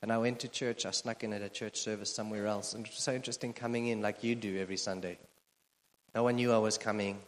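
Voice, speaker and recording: A man's voice: lowish voice, steady tone, fast talker. A man preaching a sermon as the church's pastor, conversational and joking, with plenty of fillers. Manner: conversational, self-deprecating humor, frequent fillers. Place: church auditorium. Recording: long hall reverb from a church PA.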